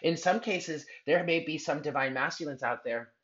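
A man's voice: fairly high pitch, moderate pace, fairly bright tone, muffled recording. A man giving a spiritual tarot reading in an earnest, heartfelt way, rambling with restarts. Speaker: tarot reader.

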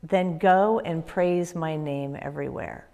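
A woman voicing God as a calm, fatherly speaker in a children's Bible story, speaking slowly and softly. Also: sits low, pitched below the performer's own voice. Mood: commanding. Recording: echoey room with long reverb.

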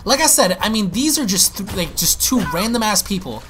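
A man giving excitable, profane live commentary while playing a zombie shooter, often repeating his words. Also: sits high, fairly quick, slight background noise. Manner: excitable, swears, exclaims and repeats himself. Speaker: gaming YouTuber.

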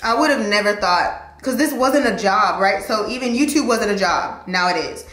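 A young woman chatting in a get-ready-with-me vlog, animated, slangy and emotional as she encourages her viewers. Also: mid-range voice, normal speed, reverberant. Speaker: vlogger and lawyer.

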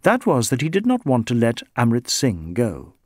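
A man reading a novel aloud as narrator, in measured, expressive storytelling. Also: medium pitch, dry recording, studio quality. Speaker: audiobook narrator. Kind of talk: scripted narration.

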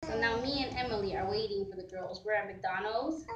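Chatty mom vlogging outdoors, noisy. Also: female voice, mid-range voice, fairly quick, lo-fi sound. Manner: chatty, laughs often, coaxes her kids. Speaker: mother filming a family vlog. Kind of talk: casual vlog narration. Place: outdoors at a park and walking home. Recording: noisy outdoor camera recording. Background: outdoor ambience.

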